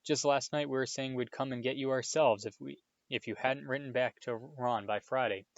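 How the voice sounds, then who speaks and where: A man reading aloud voices a stern, worried mother who scolds her sons loudly, on a dull, lo-fi recording. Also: medium pitch, fairly even intonation, moderate pace, dry recording, natural voice. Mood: fussing, kind. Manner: scolding, loud bursts, motherly to the guest. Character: stern, worried mother of seven, fierce temper.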